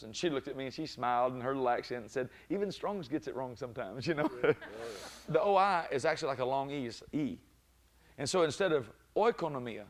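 A man preaching a sermon, moving between calm teaching and loud exclaiming peaks, often breaking in with praise. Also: medium pitch. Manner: frequent "glory be to God" interjections.

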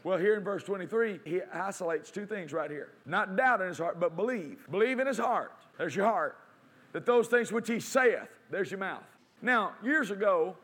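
A man with a high voice preaches to a congregation. He quotes scripture and answers his own questions. His emphasis builds as he goes. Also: fairly bright tone. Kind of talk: sermon.

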